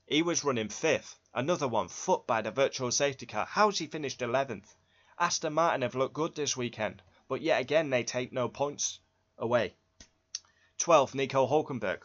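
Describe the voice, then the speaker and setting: A man running through race results in a blunt, sweary and excitable reaction. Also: lowish voice. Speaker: Formula One fan channel host. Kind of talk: casual race reaction rundown. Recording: dull lo-fi recording.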